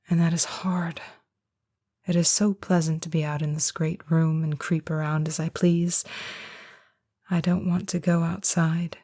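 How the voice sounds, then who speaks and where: A woman giving a whispered first-person audiobook narration, hushed and slow. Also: lowish voice, breathy edge.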